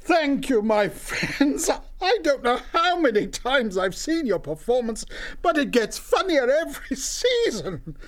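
A man voicing a jovial elderly abbot who speaks graciously and slowly in a storybook. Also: very high voice, very animated, voice pushed up, full character voice. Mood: delighted. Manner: warm, gracious praise, slow. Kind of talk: storybook narration.

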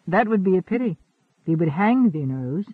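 A man playing a calm, pious Quaker farmer who speaks courteously in old thee-and-thou phrasing. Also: sits high, normal speed, breathy edge, no room sound, narrow, tinny audio, exaggerated voice.

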